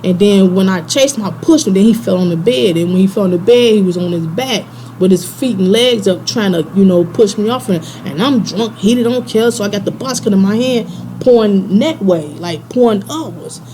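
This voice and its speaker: Mellow-voiced woman telling a street story. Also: medium pitch, normal speed, a little hiss or hum. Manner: slangy, laid-back, chuckles through the tale. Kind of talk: casual personal storytelling.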